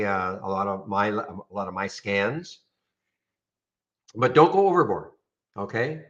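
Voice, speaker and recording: A man casually walking viewers through trading software on a screen share, rambling and checking in with "okay?". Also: medium pitch, muffled recording. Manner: rambling, frequent restarts and "okay?" check-ins.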